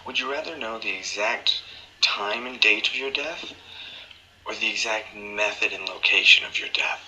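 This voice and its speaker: A man's voice: on the low side, moderate pace, sharp tone, rough recording. American man reading out a question. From Oklahoma, USA. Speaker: listener sending a question. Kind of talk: recorded voice message.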